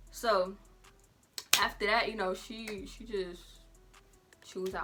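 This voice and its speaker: A teenage girl from Georgia tells a story straight to camera, chatty and animated, dropping Southern slang. Her voice is bright and clear, and faint music plays underneath. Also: fairly high pitch, moderate pace. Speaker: vlogger. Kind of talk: casual storytime.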